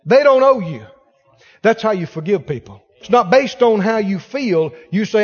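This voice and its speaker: A man's voice: sits high, normal speed, big-room sound, muffled recording. A man preaching a sermon as pastor, acting out the voices of the people in his stories. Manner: animated preaching, acts out quoted voices.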